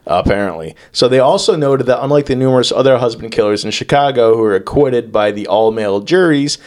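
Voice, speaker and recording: A man's voice: medium pitch, a little fast, a little mellow. Podcast co-host, male, New Yorker, raunchy riffing banter while laying out the case. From New York. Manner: crude, profane, joking, riffing on the story. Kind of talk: casual comedic podcast chat.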